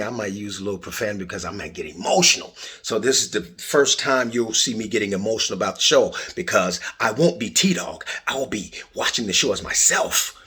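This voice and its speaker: A middle-aged man hosting a casual solo podcast, telling stories with loud bursts and quiet asides. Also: lowish voice, breathy edge. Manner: animated storytelling, swings between loud bursts and quiet asides. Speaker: podcast host.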